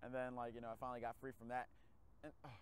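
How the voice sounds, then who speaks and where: A man hosting a casual podcast chat, telling a story with lively acted-out reactions and frequent swearing. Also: medium pitch, very fast, clear, resonant tone. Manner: animated storytelling, acts out his own reactions, swears freely. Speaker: podcast host.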